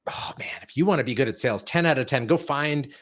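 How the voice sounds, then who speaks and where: A male podcast host with a mid-range voice. He keeps the talk casual, enthusiastic and full of quick asides while he questions his guest. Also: medium pitch.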